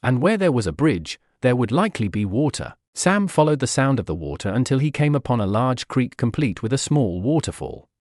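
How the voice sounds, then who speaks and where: A man reads a fan-fiction story aloud as a dramatic audiobook, his pitch rising and falling a lot. The recording is dry and close-miked, with no room echo. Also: a little fast, few pauses. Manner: expressive, voices the characters' shouts. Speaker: audiobook narrator.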